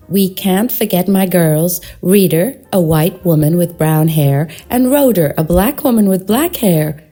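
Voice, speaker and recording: A woman's voice: on the low side, mellow. A woman reading scripted audio description in a chatty, confiding way.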